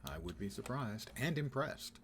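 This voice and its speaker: A man's voice: medium pitch, expressive, normal speed, slight background noise. A man streaming a game, commenting casually with dry sarcasm and playful wordplay.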